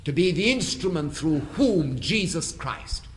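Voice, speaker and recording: A man's voice: fairly high pitch, expressive, measured pace, a little hiss or hum. A man preaching a sermon in a church, building emphasis through repeated phrases. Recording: long hall reverb.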